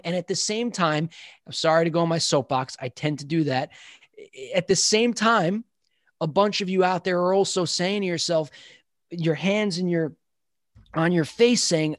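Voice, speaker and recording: Man from long island, higher pitched, enthusiastic rambling storyteller, dry close sound. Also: normal speed, dry recording. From Long Island, New York. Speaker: sports physical therapist guest. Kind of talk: casual podcast conversation.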